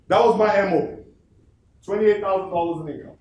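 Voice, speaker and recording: A man's voice: sits high, brisk, a little mellow, reverberant. A man leading an office meeting with a motivational speech, asking the crowd rhetorical questions and repeating phrases for emphasis. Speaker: office leader giving a motivational talk.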